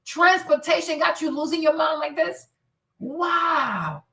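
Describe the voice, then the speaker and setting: High-voiced woman ranting from a distance. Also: moderate pace, creaky. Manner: animated, blunt and profane, breaks into laughs and shouts. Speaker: commentary streamer. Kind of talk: casual reaction commentary.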